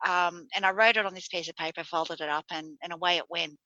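A woman hosting a casual conversation over a video call, light and laughing, with quick bursts of talk. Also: lowish voice, steady tone, pushed and bright, no room sound, dull audio. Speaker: host.

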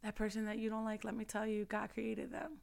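A woman's voice: medium pitch, monotone, brisk, gravelly, darkish tone. A young woman giving a passionate faith-based motivational talk, preaching and repeating phrases for emphasis. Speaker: faith vlogger.

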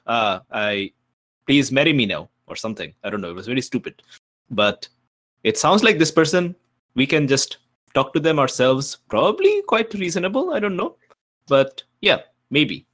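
A man's voice: mid-range voice, a bit bright. A cheeky young son, played by a man, talks his way around things. He rambles and leans on lots of fillers in a casual, everyday voice. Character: young adult son, smooth-talking and cheeky.

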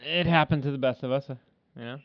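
A man's voice: medium pitch, steady tone, fast talker, no echo. A man hosting a casual chat, laid-back and blunt, who swears freely. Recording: dull lo-fi audio.

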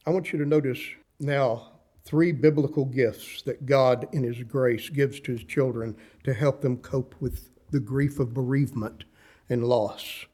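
Slow, impassioned older man preaching. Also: medium pitch, steady tone, dark tone, husky. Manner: reads scripture in old-fashioned wording. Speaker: pastor. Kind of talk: sermon.

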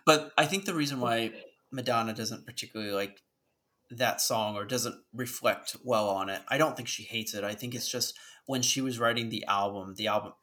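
A man's voice: medium pitch, moderate pace, sharp tone. A man hosting a podcast, chatting casually with his sisters and explaining things at length. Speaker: podcast host. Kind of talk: casual chat.

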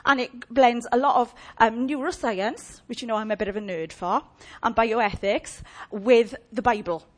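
A woman preaching a lively, humorous sermon and chatting with her audience. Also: a little high, moderate pace.

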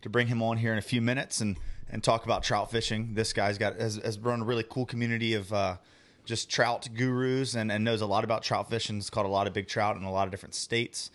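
A man hosts a live fishing show in a low voice, talking fast. He sounds eager but halting, stumbling over and repeating his words. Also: little pitch movement, fairly bright tone. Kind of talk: casual live-stream intro.

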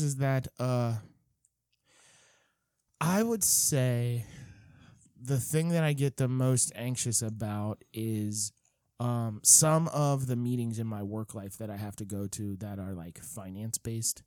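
A man's voice: mid-range voice, measured pace, a little mellow, no echo, clean studio sound. A man co-hosting a podcast, joking and laughing often as he banters with friends. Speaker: podcast co-host. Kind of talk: casual banter.

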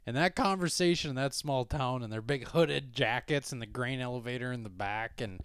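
A man's voice: medium pitch, moderate pace, smooth, no echo. A man in his thirties co-hosting a casual podcast, blunt and profane, telling stories with animation. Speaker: podcast co-host. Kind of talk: casual chat.

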